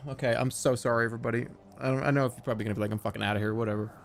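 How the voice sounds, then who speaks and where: A man's voice: medium pitch, steady tone, rapid-fire, soft background music. A man streaming a game, flustered and giggly, apologizing in a rambling casual way. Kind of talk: casual gaming stream chat.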